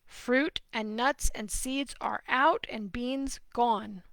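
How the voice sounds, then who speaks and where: A middle-aged woman from New Jersey, answering viewer questions on a live stream in an animated, opinionated, emphatic way. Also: fairly high pitch, takes it slowly, gravelly, no room sound. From New Jersey, USA.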